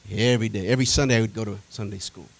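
Lazy dad brushing his kid off, low and easygoing, as a preacher puts him on. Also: rapid-fire, creaky, dry recording. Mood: dismissive. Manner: low, relaxed fatherly voice. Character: laid-back father, lazy and dismissive.

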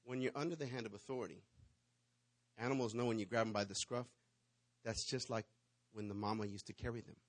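A man, preaching to his congregation and telling a lively personal story, swinging between loud bursts and hushed asides. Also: lowish voice, fairly quick, pauses often. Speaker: pastor.

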